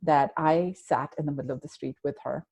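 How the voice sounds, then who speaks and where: A middle-aged woman with a low, deep voice, sharing a personal story as a podcast guest. She speaks earnestly and reflectively, softly and unhurried. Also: steady tone, husky.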